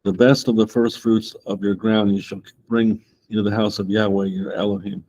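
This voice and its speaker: Low, mellow-voiced man teaching scripture. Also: level tone, moderate pace, poor audio. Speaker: Bible class teacher. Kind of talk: Bible study lesson, reading scripture with commentary.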